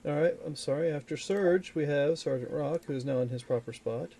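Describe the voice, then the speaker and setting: A man's voice: fairly high pitch, fairly quick, dark tone. Chatty man hosting as game master. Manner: chatty, rambling, self-correcting. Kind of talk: casual live-stream chat and announcements.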